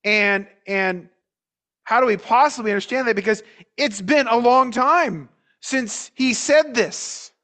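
Male pastor, high-pitched voice, measured sermon delivery with restarts and rhetorical questions. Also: sharp tone. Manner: measured preaching with repeated words and rhetorical questions.

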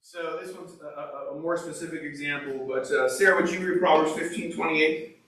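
A man's voice: a little high, fairly even intonation, normal speed, fairly bright tone. Male Bible study teacher, casual and conversational, questions the group; picked up from across an echoey room. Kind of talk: informal Bible class teaching. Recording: echoey room, mic far away.

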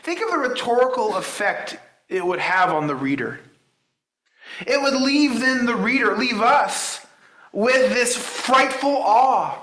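Male pastor, high and bright, chatty sermon delivery, in an echoey room. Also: a little hiss or hum. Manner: conversational, with many restarts and rhetorical questions.

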